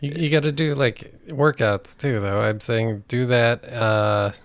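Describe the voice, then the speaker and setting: A man's voice: medium pitch, measured pace, clear, resonant tone, dry recording. A man from the East Coast making blunt, teasing remarks in casual podcast chat.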